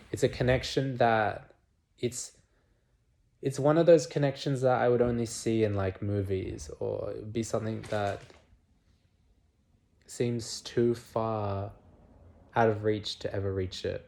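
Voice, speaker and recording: A man's voice: fairly low pitch, creaky. Dramatic young man in a confessional vlog. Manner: dramatic, swearing, swings between murmurs and loud outbursts. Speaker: vlogger. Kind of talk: candid confessional monologue.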